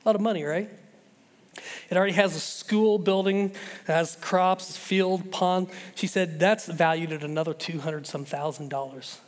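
Pastor guy, high voice, animated story in a sermon, long hall echo. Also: normal speed. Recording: long reverb of a large hall.

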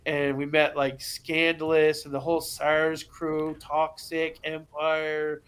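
A man talking as a podcast guest, telling a story in a casual, animated way, acting out the voices of the people in it and swearing freely. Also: on the high side, slow, smooth.

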